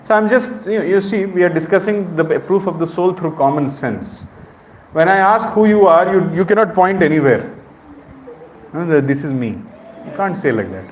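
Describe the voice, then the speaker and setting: A middle-aged Indian man with a slightly high voice leads a spiritual talk and keeps asking his listeners questions. The sound is roomy, with a hall echo and a faint hum of the space behind him. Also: lively intonation, moderate pace. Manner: questions the audience directly, conversational. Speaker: spiritual speaker. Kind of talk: interactive spiritual lecture. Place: temple hall with audience. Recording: echoey hall.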